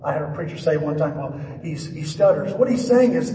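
A man in his sixties preaching a sermon, animated, with sudden swings between raised and hushed voices as he quotes. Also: brisk, few pauses, slight background noise. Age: 60s. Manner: animated, jumps between high and hushed voices when quoting. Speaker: pastor. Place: church sanctuary. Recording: echoey hall, from far off.

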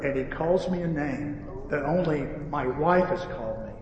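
A man preaching a sermon, telling an animated story with acted-out dialogue. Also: a little high, moderate pace, lo-fi sound, a crowd in the background. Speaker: pastor and repair-shop owner. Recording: echoey hall, voice from far off, faint ambience.

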